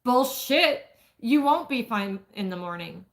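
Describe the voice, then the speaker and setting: A woman's voice: fairly high pitch, expressive, a little slow. Woman reading a blunt intense romance guy, pushy, curt. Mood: insistent.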